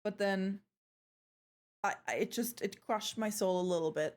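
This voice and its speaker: Mid-range and a little mellow, this young woman's voice moves at a moderate pace as she streams live. She banters playfully with her viewers, swears liberally, and tends to trail off and begin again.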